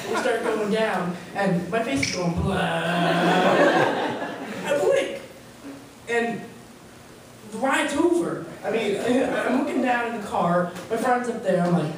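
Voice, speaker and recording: A teenage boy tells rambling stand-up stories, often stopping and starting again mid-sentence. He is recorded from far off, and the hall echoes heavily around him. Steady noise sits under his voice. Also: high-pitched, takes it slowly. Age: teens. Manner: rambling storytelling with many restarts. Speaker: stand-up comedian. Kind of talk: stand-up set. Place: stage in a hall with an audience.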